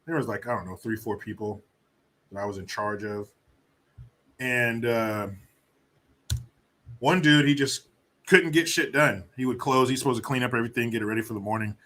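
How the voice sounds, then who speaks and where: A man's voice: mid-range voice, moderate pace, pauses often, a bit bright. A man doing a profane, mocking video commentary, casual and scornful. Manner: casual storytelling with fillers. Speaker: vlogger.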